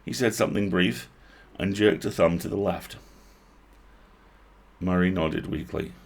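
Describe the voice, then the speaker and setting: A man reading a novel aloud on a livestream, expressive, breaking off to comment on lines he likes. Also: low voice, measured pace, vocal fry, slightly rough. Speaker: host reading a book aloud.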